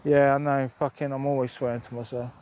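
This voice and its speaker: A man's voice: medium pitch, little pitch movement, quick pace, a little mellow, slight background noise. A middle-aged man chatting casually on a live stream outdoors on open moorland, rambling and swearing freely into a phone held at arm's length. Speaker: outdoor vlogger.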